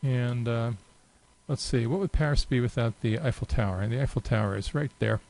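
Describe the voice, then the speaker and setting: A man presenting a software demonstration, talking casually and unhurriedly with frequent filler pauses as he walks through the screen. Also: medium pitch, vocal fry, rough recording. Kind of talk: unscripted screen-share walkthrough.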